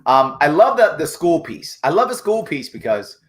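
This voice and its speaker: Brief: male host, sarcastic live commentary, lively and expressive intonation. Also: on the high side, moderate pace. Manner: sarcastic, mocking. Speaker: show host. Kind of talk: live commentary on a news clip.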